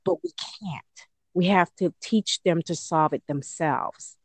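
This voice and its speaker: A woman, an early childhood educator, answering interview questions in a casual, animated way, often slipping into playful high voices. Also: slow pace, breathy edge.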